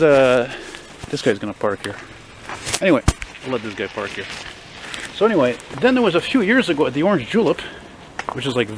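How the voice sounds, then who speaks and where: A man's voice: medium pitch, background noise. A man in his forties from Montreal talks about an old car to camera on a city street, rambling enthusiastically with lots of fillers. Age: 40s. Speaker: classic car vlogger. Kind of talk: casual rambling talk to camera.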